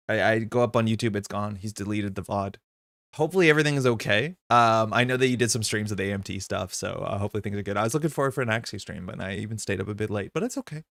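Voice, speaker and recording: A man hosts a live stream and talks quickly in a relaxed, chatty way. He greets viewers in chat as he goes. His voice is close and dry, with no room sound around it. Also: mid-range voice, no room sound. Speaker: streamer host.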